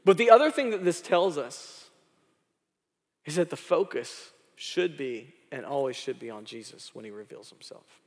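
A male pastor preaching a sermon, building emphasis through repetition and closing in quiet prayer. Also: fairly high pitch, animated, normal speed. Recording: long hall reverb.

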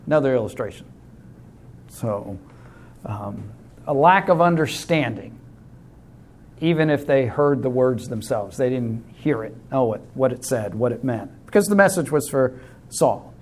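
A man's voice: medium pitch, animated, a little slow. A man teaching a Bible study class in a conversational way, explaining with simple illustrations and calling on class members.

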